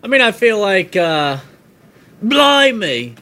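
High-voiced man in hesitant casual chat. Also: lively intonation, normal speed, pushed and bright, clean tone. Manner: hesitant, laid-back replies.

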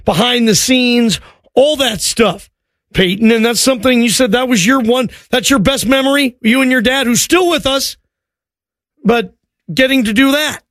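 High-pitched guy hosting sports talk radio, friendly and quick with callers, dry close sound. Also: fairly bright tone, dry recording.

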